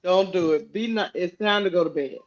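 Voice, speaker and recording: High-voiced man teasing on a dull line. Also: a little fast. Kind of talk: casual live-stream chat.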